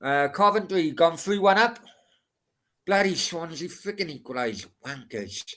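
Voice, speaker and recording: A man in his forties in casual football chat, swearing and reading out scores in quick bursts. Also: high-pitched, lively intonation, bright, forceful tone. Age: 40s.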